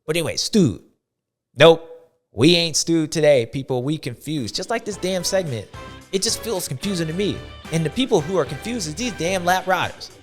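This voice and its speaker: A man's voice: on the high side, animated, moderate pace, soft background music. A man hosting a show, giving playful, slangy, rambling sports commentary. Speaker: show host.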